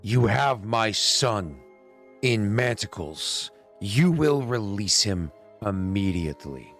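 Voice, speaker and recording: Casting: a man as an outraged noble father, slow and loud. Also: fairly low pitch, sing-song, soft background music, full character voice. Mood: indignant. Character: indignant noble father, commanding older man.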